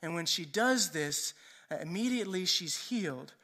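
A man's voice: high voice, animated, moderate pace, sharp tone. A male preacher giving a sermon in a conversational storytelling way, often checking in with "right?".

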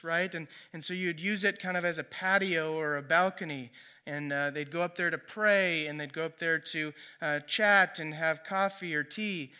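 A man's voice: high voice, bright, forceful tone. A man preaching a sermon in a conversational storytelling way, often checking in with "right?". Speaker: pastor.

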